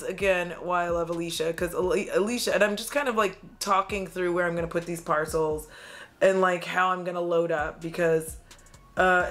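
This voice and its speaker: A woman talks straight to the camera as she does her makeup, rambling through a story in a loose, chatty way. She swears freely, laughs often and acts out her own past lines. Quiet music plays faintly behind her. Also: fairly low pitch. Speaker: beauty vlogger. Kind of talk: get-ready-with-me storytime chat.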